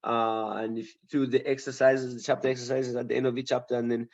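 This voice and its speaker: A fast-talking man with a medium pitch and little pitch movement teaches writing in an online grammar lesson. The highs are cut off in the recording, and he thinks aloud with fillers and restarts while often checking in with the class.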